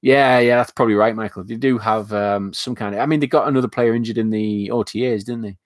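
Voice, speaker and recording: A man's voice: lowish voice, fast talker, no room sound, clean studio sound. A man with a Northern English accent, mixing northwest and northeast, hosting a casual live stream and chatting with his viewers in a rambling way, full of fillers. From north of England. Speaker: live stream host reading chat.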